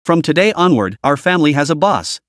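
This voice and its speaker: A man doing a calm, shameless young man. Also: on the high side, fairly quick, dry recording, clean studio sound. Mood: deadpan.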